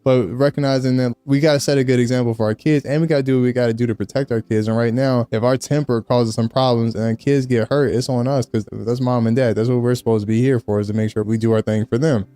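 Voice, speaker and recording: A man's voice: medium pitch, steady tone, fast talker, hardly any pauses, warm tone, clear, resonant tone, dry recording. A man hosting a relationship advice show, answering letters in a frank, joking way with blunt slang and frequent laughs.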